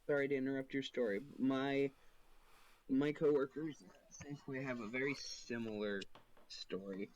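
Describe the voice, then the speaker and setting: A young man co-hosting a podcast in casual chat, laid-back with quick asides. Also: medium pitch, steady tone, highs cut off. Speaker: podcast co-host.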